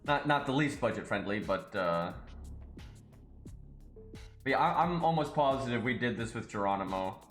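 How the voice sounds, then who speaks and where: A man's voice: mid-range voice, lively intonation, normal speed, pauses often, fairly bright tone, reverberant. A man streaming a game live, thinking aloud in loose casual chat and swearing now and then. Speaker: streamer playing a mobile game. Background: faint game music.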